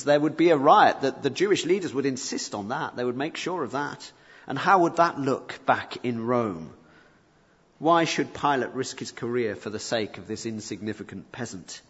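Male preacher, animated sermon delivery, slightly husky voice, muffled hall recording with long reverb. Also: medium pitch. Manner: animated, rising emphasis on key points, rhetorical questions. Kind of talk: expository sermon.

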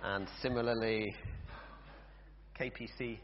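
A man's voice: on the low side, fairly even intonation, slow pace, noisy background. A man leading a church sermon, chatty and hesitant, with fillers and self-corrections. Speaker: preacher. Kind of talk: sermon with scripture reading. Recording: reverberant church, dull lo-fi sound.

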